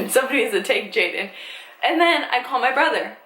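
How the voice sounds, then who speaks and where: A young woman vlogger casually telling a story, animated and swearing freely as she acts out what people said. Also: a little high, normal speed. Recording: echoey room with faint ambient noise.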